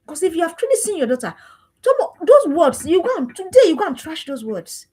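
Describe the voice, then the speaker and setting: A woman's voice: very high-pitched, very animated, fast, mellow. A woman giving an emphatic, preachy parenting talk with lots of repetition. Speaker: parenting coach.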